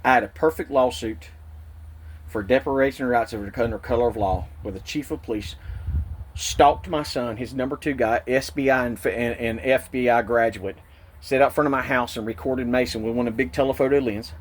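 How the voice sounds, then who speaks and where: A man's voice: medium pitch, a little fast. A man, recounting a police stop in an agitated, indignant way and repeating himself. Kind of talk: angry personal vlog.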